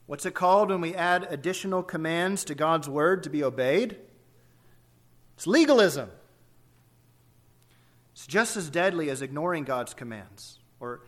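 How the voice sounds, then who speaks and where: A male preacher delivers an expository sermon in a fairly high voice. His tone is bright and forceful. He drives his points home with emphasis and keeps putting rhetorical questions to his listeners.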